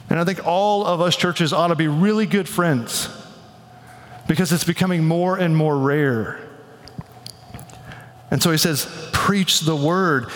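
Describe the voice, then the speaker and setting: A man's voice: on the high side, fairly bright tone. Casual preaching man in reverberant hall. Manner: casual, conversational preaching with frequent "like". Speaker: pastor. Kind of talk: sermon. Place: church.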